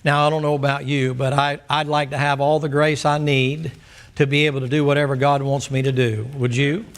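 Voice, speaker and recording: A man's voice: fairly high pitch, level tone, a little fast. A man preaching a Sunday school sermon in a folksy storytelling way, often asking the class questions.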